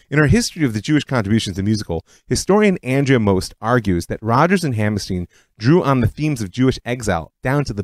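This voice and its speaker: A man's voice: mid-range voice, no room sound. A man hosting a podcast, narrating history in a scripted, storytelling way. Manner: storytelling, lively delivery. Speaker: podcast host.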